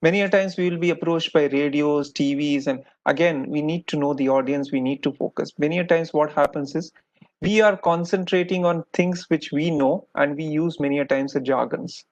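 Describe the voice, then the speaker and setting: Indian english man, doctor giving a lecture, patient, slightly raised pitch, dull lo-fi audio. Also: normal speed. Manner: patient, explanatory, repeats "many a times". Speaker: ENT doctor lecturing postgraduates. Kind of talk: recorded lecture.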